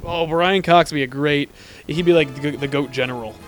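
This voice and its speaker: A man's voice: a little high, fairly quick, faint music behind. A man co-hosting a casual chat, joking and swearing as he rambles. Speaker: podcast co-host.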